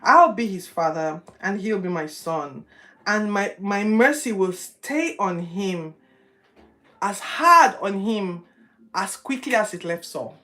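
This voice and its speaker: A woman voicing God as a majestic male deity, with a slow and solemn delivery. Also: mid-range voice, expressive, pushed and bright.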